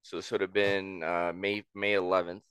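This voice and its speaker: A man co-hosts a casual podcast, bantering with quick comebacks. His voice is smooth and resonant, at a middling pitch. It is recorded dry and close to the mic. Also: level tone, fairly bright tone, dry recording. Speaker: podcast co-host.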